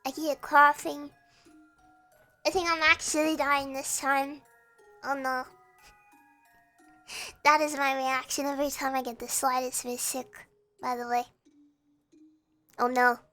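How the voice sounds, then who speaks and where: Feverish high bright-voiced woman streamer. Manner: fretful, rambling, laughs often. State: sick and feverish, voice strained. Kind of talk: casual livestream chat.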